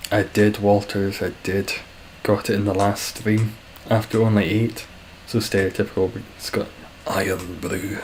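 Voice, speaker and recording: A man's voice: on the low side, level tone, moderate pace, darkish tone, a little hiss or hum, poor audio. A young man streaming a game, chatting casually with viewers in a rambling, self-deprecating way.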